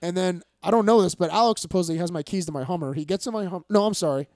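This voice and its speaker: A man in his thirties telling a profane story in casual chat, acting out the people in it and shouting some of their lines. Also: high-pitched, very fast, no echo, clean studio sound. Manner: animated, profane storyteller acting out quotes loudly. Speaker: fighter and podcast guest.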